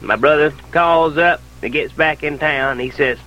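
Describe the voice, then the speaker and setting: A man co-hosting a radio show, telling a comic story in a folksy, deadpan way. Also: a little high, lo-fi sound. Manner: folksy, drawn-out, deadpan delivery.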